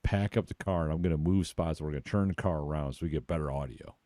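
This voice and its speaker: A man's voice: extremely low pitch, quick pace, dark tone, no room sound, studio quality. A man co-hosting a podcast, telling laid-back stories and swearing casually. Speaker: podcast co-host. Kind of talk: casual chat.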